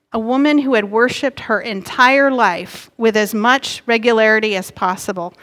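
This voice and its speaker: A middle-aged woman pastor preaching a sermon in an earnest, gently emphatic way. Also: mid-range voice. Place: church sanctuary. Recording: long hall reverb.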